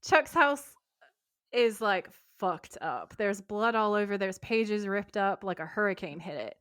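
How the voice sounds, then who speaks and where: A woman in casual podcast chat, recapping a show with lively, laughing energy. Her pitch sits in a middle range, and she swears freely. The recording is close and dry. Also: measured pace, clear, resonant tone, dry recording. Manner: animated, swearing, laughing storyteller. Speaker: podcast co-host.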